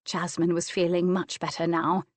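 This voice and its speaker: A woman reads a historical romance in an even, measured narration. Her voice sits lower than most women's. The recording is close and completely dry. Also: no room sound. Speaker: audiobook narrator. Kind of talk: scripted narration.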